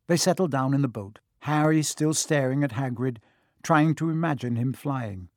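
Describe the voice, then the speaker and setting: A man narrating a children's fantasy audiobook in a steady storytelling manner, recorded in a studio. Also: mid-range voice, normal speed, dry recording. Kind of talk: scripted narration.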